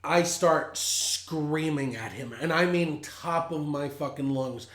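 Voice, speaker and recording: A man's voice: fairly high pitch, takes it slowly, fairly bright tone. A man hosting a podcast, telling a story in a blunt, heated and profane way. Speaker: podcast host. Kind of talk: casual storytelling. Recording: roomy echo.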